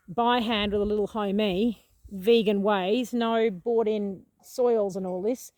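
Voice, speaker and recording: A woman, rambling gently and exclaiming in delight while she walks through her outdoor garden, recorded on a handheld phone. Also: mid-range voice, dry recording. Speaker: gardening vlogger. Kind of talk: casual walking vlog.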